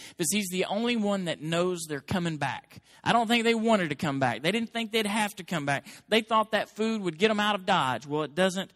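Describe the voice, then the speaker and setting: Man, pastor, sermon, emphatic, high voice, dry close sound. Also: no echo. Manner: animated preaching, rising to emphatic peaks.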